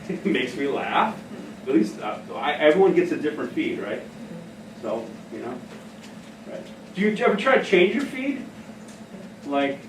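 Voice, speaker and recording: A middle-aged man tells stories in an animated, chatty way. His voice sits a little high and rings in a roomy hall. He is heard from some distance, with faint hum behind him. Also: moderate pace, long pauses. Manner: animated storyteller, laughs often. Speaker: speaker on behavioral care. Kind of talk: casual talk to an audience. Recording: echoey room from far off.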